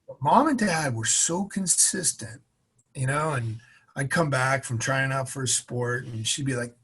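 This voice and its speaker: A man from Massachusetts, a podcast guest, telling an animated personal story and acting out the voices of the people in it. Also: medium pitch, measured pace, husky. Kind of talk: storytelling interview.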